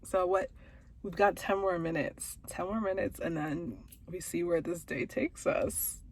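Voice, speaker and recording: A woman's voice: fairly low pitch, a little slow. Chatty woman vlogging over traffic noise. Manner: chatty and candid, slangy asides. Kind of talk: casual vlog chat to camera.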